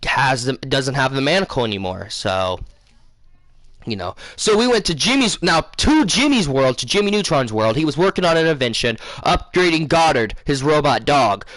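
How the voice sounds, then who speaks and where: A man casually telling his viewers a long dream story, rambling, losing his place and filling pauses with um and uh. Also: mid-range voice, sing-song, a bit bright, no room sound. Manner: rambling, loses his place, many fillers. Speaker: gaming channel host.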